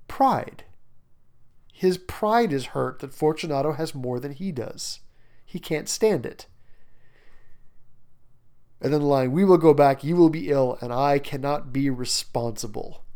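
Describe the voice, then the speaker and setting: Male teacher walking a class through a story, lively and emphatic, chatty asides. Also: mid-range voice. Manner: animated, emphatic, with frequent fillers and asides. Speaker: literature teacher. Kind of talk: lecture on a short story, reading passages aloud.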